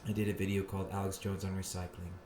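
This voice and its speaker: A man's voice: sits low, monotone, fast talker, darkish tone. Male podcast host, sarcastic and profane, loose rambling delivery in a roomy space. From South Florida. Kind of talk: comedic podcast monologue. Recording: roomy echo with faint ambience.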